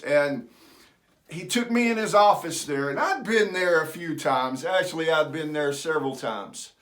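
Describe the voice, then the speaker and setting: A man's voice: on the high side, animated, normal speed, a bit bright. A middle-aged man, telling a personal story in a folksy, self-deprecating way. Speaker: vlogger.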